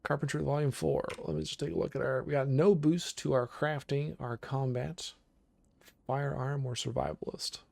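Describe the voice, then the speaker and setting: Gravelly man chatting through a game stream. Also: mid-range voice, normal speed. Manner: relaxed, chatty, talks to chat while picking options. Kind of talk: casual game livestream commentary.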